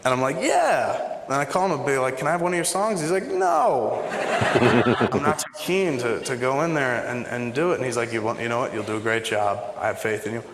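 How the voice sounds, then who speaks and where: A man's voice: mid-range voice, fast talker, few pauses, background noise. A man telling a long, profane anecdote in a casual way, acting out the dialogue as he goes. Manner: animated, profane, acts out dialogue. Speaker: guest storyteller. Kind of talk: casual storytelling. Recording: roomy hall with faint ambience.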